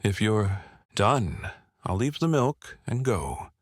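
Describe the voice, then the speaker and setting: Shifty handyman, voiced by a male narrator, low and dry. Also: very animated, slow pace, no room sound, heavily acted. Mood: defensive.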